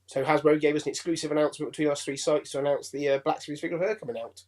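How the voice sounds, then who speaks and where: Chatty English man, a bit high. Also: racing. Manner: chatty and excitable, laughs easily. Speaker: guest reviewer. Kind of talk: casual fan chat.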